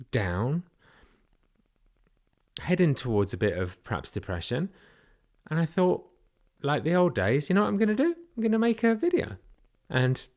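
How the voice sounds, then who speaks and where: A man's voice: fairly high pitch, a little mellow. A British man talking candidly in a personal vlog, confessional and a little nervous, often asking himself questions aloud. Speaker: vlogger.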